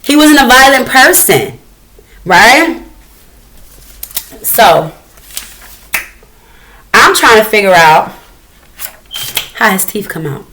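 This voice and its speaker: A woman's voice: on the high side, animated, takes it slowly, long pauses, pushed and bright, a little hiss or hum, poor audio. A woman hosting a reaction commentary, talking in an angry, confrontational and profane way. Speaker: commentary host.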